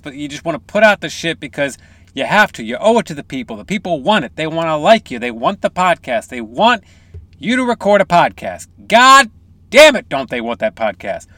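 A man's voice: on the high side, fairly bright tone, no echo. A man hosting a comedy podcast, ranting in a profane, hammy, theatrical way. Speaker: podcast host.

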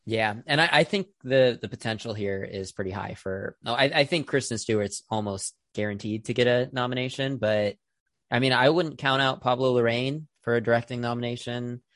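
A man's voice: mid-range voice, moderate pace, fairly bright tone, dry recording, studio quality. A man hosting a film podcast, chatting casually with plenty of fillers. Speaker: podcast host. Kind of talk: casual film review chat.

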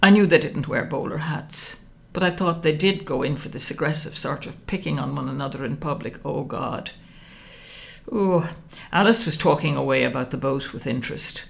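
A woman reading a first-person novel aloud, wry and expressive. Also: low voice, moderate pace, creaky. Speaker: audiobook narrator.

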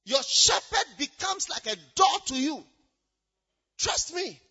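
A man preaching a sermon in a church, shouting out points and then dropping low. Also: big pitch swings, slow, dull audio. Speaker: pastor.

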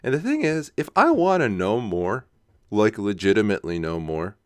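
A young man talks his way through a loose solo podcast. He laughs at himself and keeps asking "right?" as he goes. His fairly low voice sounds smooth and close, with almost no room sound. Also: sing-song, moderate pace, dry recording. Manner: casual, self-mocking, laughs often, says "right?" a lot. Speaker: podcast host. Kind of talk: rambling solo podcast monologue.

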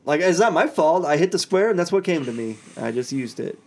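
A man in his thirties co-hosting a casual podcast, telling stories with animated, mock-serious humor. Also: a little high, fairly quick. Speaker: podcast co-host. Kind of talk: casual chat.

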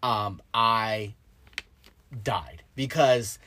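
A woman co-hosting a podcast in casual chat, animated and incredulous, laughing often. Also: extremely low pitch, extremely slow. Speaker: podcast co-host.

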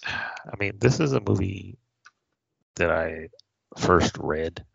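A man's voice: low-pitched, animated, slow pace, creaky, slightly rough, dry recording, lo-fi sound. A man co-hosting a podcast in casual chat, dry and understated in manner. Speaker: podcast co-host.

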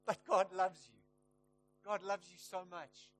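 A man preaching a sermon in church, telling a story and rising to loud, emphatic peaks. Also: sits high, level tone, a little slow, soft background music, rough recording.

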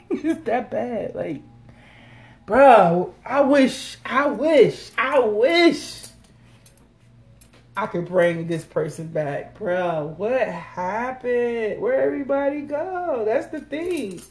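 A woman hosts a casual solo podcast from home, her voice sitting a little high. She riffs in loose slang and teases her listeners. She laughs often as she goes. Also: expressive, very slow, a little mellow. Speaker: podcast host.

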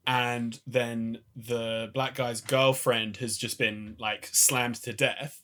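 A man's voice: mid-range voice, little pitch movement, takes it slowly, fairly bright tone. A man co-hosting a casual film podcast, telling stories with a laugh and acting out scenes. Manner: laughing, storytelling, acts out quotes. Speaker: podcast co-host.

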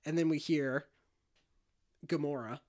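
A man casually retelling a film scene by scene, animated and jokey. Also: fairly high pitch. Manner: animated retelling, quick shifts into character voices and quotes. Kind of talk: casual movie recap chat.

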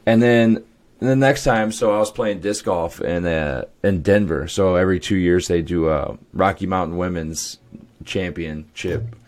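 A young adult man with a deep voice and a measured pace co-hosts a podcast. His talk is casual chat, loose stories punctuated by laughs and swearing.

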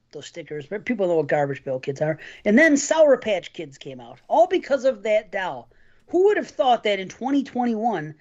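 A man's voice: high voice, darkish tone, highs cut off. Rambling, laughing podcast host man. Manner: rambling storyteller, laughs often, swears casually. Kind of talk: casual podcast chat.

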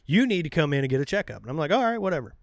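A man in his thirties telling a profane, animated story in casual podcast chat. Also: a little high, rapid-fire, vocal fry, no echo, studio quality. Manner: profane, animated, acts out quoted voices.

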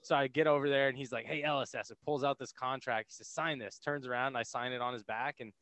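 A man in his thirties from the United States, a podcast guest telling his story in an energetic, casual way and acting out other people's lines. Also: medium pitch, fast, no echo. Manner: energetic, laughing, acts out quotes. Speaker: podcast guest, military veteran.

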